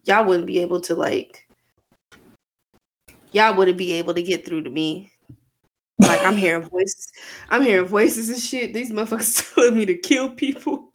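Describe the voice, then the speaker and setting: A woman's voice: mid-range voice, normal speed, long pauses. A woman co-hosting a casual podcast, talking candidly and rambling, swearing freely and leaning on "like" a lot. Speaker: podcast co-host. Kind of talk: casual chat.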